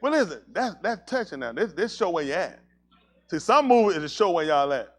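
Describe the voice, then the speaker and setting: High, lively-voiced male pastor. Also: fairly quick. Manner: animated, teasing, bursts into loud exclamations. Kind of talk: casual joking banter turning to preaching.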